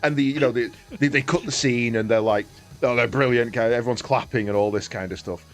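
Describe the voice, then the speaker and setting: A man's voice: medium pitch, steady tone, fast. A man streaming a game, chatting casually, swearing and laughing often. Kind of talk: casual chat while gaming.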